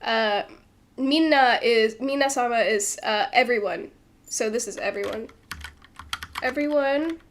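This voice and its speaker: A woman talks casually on a livestream, with a slightly high voice, thinking aloud as she translates and often restarting her sentences. Keyboard typing clicks and a faint background hiss sit behind her. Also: measured pace, long pauses. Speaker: streamer translating a manga.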